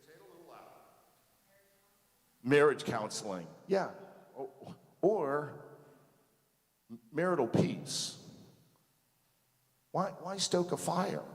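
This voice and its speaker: A man teaching a congregation in a relaxed, conversational way, often checking in with "okay?" and "right?" and asking the audience questions. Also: mid-range voice. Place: large sanctuary. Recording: reverberant hall.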